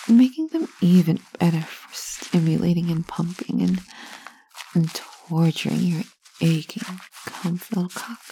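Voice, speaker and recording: A woman in a whispered role-play, speaking in a teasing, commanding way with a breathy whisper. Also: on the low side, dark tone, a little hiss or hum.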